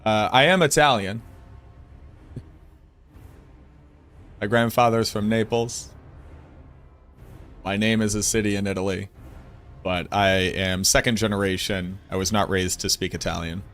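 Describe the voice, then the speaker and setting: A chatty man with a Boston accent hosts a casual livestream, greeting viewers and answering their messages in a playful way. His voice sits fairly low, with soft music playing faintly behind him. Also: fairly even intonation, unhurried, pauses often. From Boston, United States. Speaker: game streamer.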